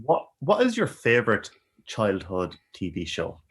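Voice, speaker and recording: Low-voiced man asking quick questions. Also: wildly swooping pitch, fairly bright tone. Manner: brief, upbeat questions. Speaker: podcast host. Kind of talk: rapid-fire interview questions.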